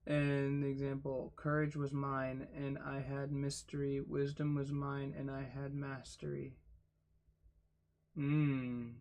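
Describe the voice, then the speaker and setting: Slow, flat-voiced man reading aloud. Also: medium pitch. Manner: reads slowly, spells words out letter by letter, adds quiet asides. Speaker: channel host reading a book aloud. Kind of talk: casual read-aloud.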